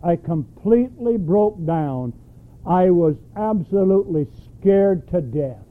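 A preacher delivers an emphatic sermon, often throwing questions back to his listeners. His voice sits high for a man. The recording is thin and tinny, like an old tape played down a phone line. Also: animated, slow. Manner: emphatic, asks the congregation questions.

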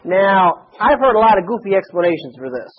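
A man's voice: sits high, expressive, fairly quick, breathy edge, narrow, tinny audio. A man preaching a sermon to a congregation in a folksy, conversational way, with chatty asides. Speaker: pastor.

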